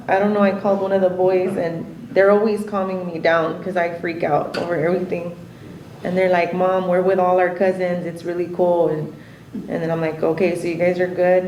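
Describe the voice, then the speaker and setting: A woman's voice: lowish voice, darkish tone, echoey room, dull audio, a little hiss or hum. A mother at a memorial gathering, retelling a text exchange with nervous laughter. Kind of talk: informal memorial tribute.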